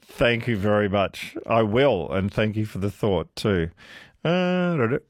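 A man's voice: lowish voice, slow pace, no room sound, clean studio sound. A man hosting a late-night talkback radio quiz, chatting with callers in a friendly, jokey way. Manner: friendly, jokey, lively intonation.

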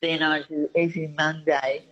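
A woman's voice: low-pitched, flat delivery, normal speed, a bit bright. Woman caller on a dull phone line. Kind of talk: radio call-in.

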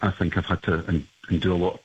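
A man calling into a radio show, speaking in a measured, hesitant way over a dull line. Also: low voice, level tone, slightly rough. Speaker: caller. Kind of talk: casual radio call.

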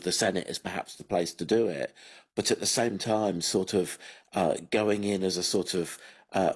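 A man with a very low, slightly husky voice, speaking as a radio guest. He chats casually and hesitantly, stopping to restart his sentences and filling pauses with "um" and "you know". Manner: hesitant, many fillers and restarts. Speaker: radio guest, media publisher.

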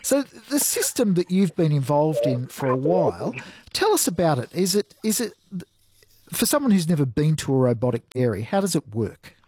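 A man's voice: on the high side, very animated, moderate pace, darkish tone, slightly rough. A man with an Australian accent hosting a radio quiz and chat show, playful and teasing. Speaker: radio host.

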